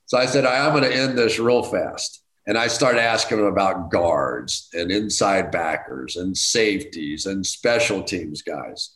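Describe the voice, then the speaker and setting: A middle-aged man telling a casual anecdote as a guest, self-deprecating and animated, jumping to high excited outbursts. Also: unhurried, few pauses. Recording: roomy echo.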